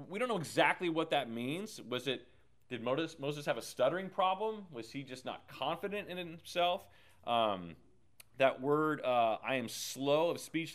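A man at a middle pitch teaching a Bible class. He talks in a loose, chatty way, pausing to ask the group questions and tagging his points with "right?". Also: a bit bright. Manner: conversational, asks the group questions, frequent "okay?" and "right?".

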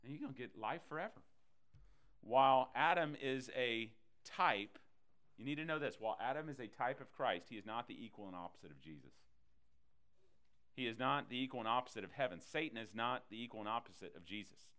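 A man preaching a sermon to a congregation. He teaches in an animated way and acts out the people in his stories. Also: medium pitch, a little fast. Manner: animated preaching, acting out voices in quotes. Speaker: pastor.

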